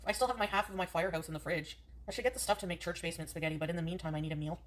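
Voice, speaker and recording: A woman's voice: fairly low pitch, racing. A woman streamer, from Canada, ranting in a defensive, profane way during a livestream.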